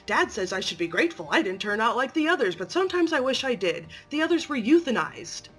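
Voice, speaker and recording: A woman voicing a weary, bitter young male humanoid creation who talks in a low, flat, resentful way, in an amateur story reading. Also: a little fast, slightly rough. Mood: angry.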